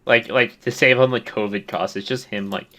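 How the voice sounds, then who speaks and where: A man's voice: mid-range voice, steady tone, moderate pace, pushed and bright. A young man co-hosting a podcast, tossing in dry, joking asides in casual chat. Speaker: podcast co-host.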